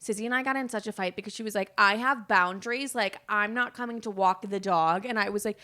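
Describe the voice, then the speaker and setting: Her mid-range voice is bright and forceful, running a little fast with few pauses. In her twenties, she hosts her own podcast, chatting casually and candidly, rambling, swearing freely and acting out what others said.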